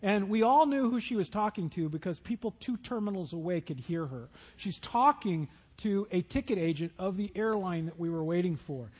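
Husky high-voiced preacher, man. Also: lively intonation, moderate pace, few pauses, a little mellow. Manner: storytelling preacher acting out Bible scenes in voices. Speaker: pastor. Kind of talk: sermon.

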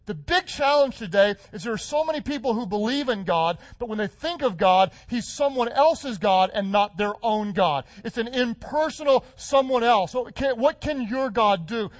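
A middle-aged man preaches with a high voice that swells into fervent, rising declarations. The sound is dry and close, with no room echo. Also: animated, moderate pace, few pauses. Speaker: pastor. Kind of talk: sermon.

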